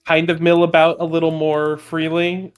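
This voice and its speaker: A man playing a tabletop game, chatty and quick to giggle. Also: fairly high pitch, completely flat delivery, clean tone, soft background music. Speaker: player. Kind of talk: casual tabletop play.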